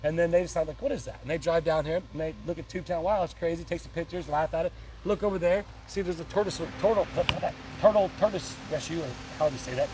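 A fast-talking man hosts a casual vlog outdoors, chatty and quick with opinions. His voice sits a little high and is picked up from some distance, with faint outdoor noise behind it. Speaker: host of the channel. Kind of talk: casual on-location vlog talk.

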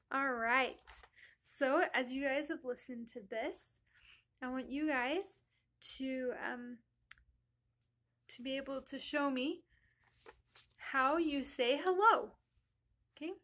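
A woman teaching a young class, reading a picture book aloud in a slow, sing-song, encouraging way with emphatic greetings. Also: high-pitched, fairly bright tone. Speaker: elementary school teacher.

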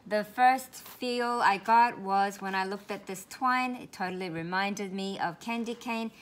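Woman, craft vlogger, casual unboxing, gushing, repeats words, mid pitch. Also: unhurried. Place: home, lives in Australia.

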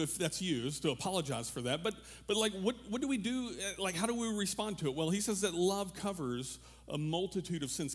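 Chatty, fairly high-voiced man preaching. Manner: casual, animated, joking, many fillers and restarts. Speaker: pastor. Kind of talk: conversational sermon. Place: church room with a congregation.

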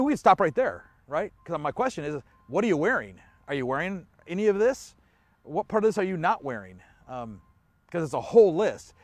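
A man's voice: fairly high pitch, no echo. A man pastor giving an online church sermon in a conversational way, asking the listener questions and chuckling often.

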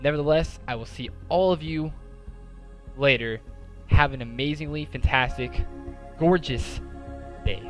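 A man giving casual gameplay commentary in an excitable way, breaking into exasperated outbursts. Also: a little high, unhurried, long pauses. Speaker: gaming commentator. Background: game music and sounds.

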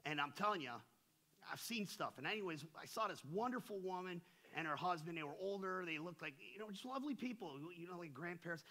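A middle-aged male pastor preaching a sermon in a church, conversational and full of slang, swinging between hushed asides and impassioned shouts. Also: sits high, animated, brisk. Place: church sanctuary.

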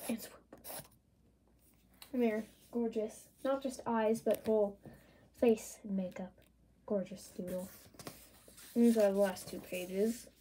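A woman's voice: medium pitch, slow, long pauses, a little hiss or hum. A woman casually narrating her doodles in a playful, chatty way. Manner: playful, chatty, reads prompts in lively voices. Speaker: art channel creator. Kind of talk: casual drawing commentary.

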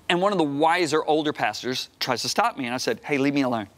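A man in his sixties, a guest preacher on a television studio set, telling a story in an emphatic way that climbs to high, excited outbursts. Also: fast, few pauses. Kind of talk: animated storytelling on a talk show.

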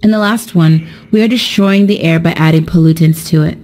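A young adult woman teaching an English lesson in a slow, careful, explanatory way, scripted narration. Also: low-pitched, darkish tone.

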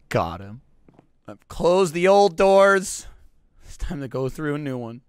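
A young man narrates his game as a mock tragedy, his pitch leaping up and down as he wails, then drops to gloomy mutters. He talks at an unhurried, drawn-out pace. His voice sounds close and dry. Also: very animated, smooth, no echo. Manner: melodramatic mock grief, swinging between shouts and mutters; swears freely. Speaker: let's play gamer. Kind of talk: comedic gameplay commentary.

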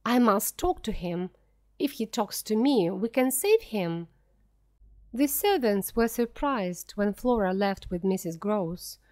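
A woman reading a simplified story aloud as a first-person narrator, clear and deliberate. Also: mid-range voice, lively intonation, dark tone. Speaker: audiobook reader.

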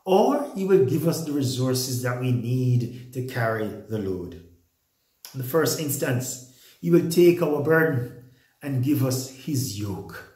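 A man preaching a sermon as pastor, slow and deliberate with emphatic repetition, recorded in a church. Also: medium pitch, darkish tone. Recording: echoey room.

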